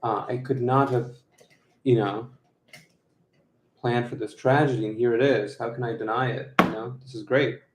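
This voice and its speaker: A man talking casually in a vlog at home, rambling slowly with many fillers and the odd laugh. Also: mid-range voice, steady tone, echoey room, noisy background. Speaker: vlogger. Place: his apartment. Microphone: phone camera.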